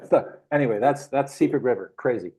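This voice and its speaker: A middle-aged man, the guest, telling rambling adventure anecdotes in a casual, animated way with frequent chuckles. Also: mid-range voice, normal speed, breathy edge, low-quality recording. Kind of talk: casual storytelling.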